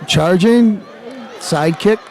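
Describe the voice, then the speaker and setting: A man's voice: sits high, extremely slow, vocal fry, some chatter behind. A man hosting his show, hyping the event and interviewing people in a playful, hammy showman manner. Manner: animated, playful hype-man delivery. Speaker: show host.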